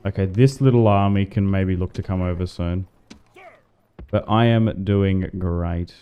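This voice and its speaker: An Australian man streaming a strategy game, talking loosely to his viewers and drifting between topics with plenty of fillers. His voice sits a little low and sounds clean and smooth. Soft game music plays faintly underneath. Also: measured pace, muffled recording. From Tasmania, Australia. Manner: rambling, chatty, greets and answers chat, many "like" fillers. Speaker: gaming livestreamer. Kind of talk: casual livestream commentary while playing.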